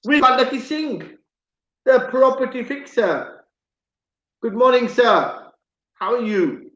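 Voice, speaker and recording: Slow, chatty male radio host. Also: extremely high pitch, fairly bright tone, echoey room, dull audio. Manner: chatty, jokey, repeats words. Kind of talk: live radio talk show.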